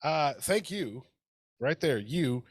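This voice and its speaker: A man's voice: on the high side, expressive, takes it slowly, breathy edge, no echo, studio quality. A man hosting a casual comedy podcast over a video call, laughing easily and swearing freely. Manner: laughing, loose and profane. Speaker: podcast host.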